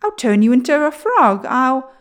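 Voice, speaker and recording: A woman voicing a nasty, grumpy male dwarf in a storybook reading, loud and demanding. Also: medium pitch, moderate pace, lightly acted. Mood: frantic.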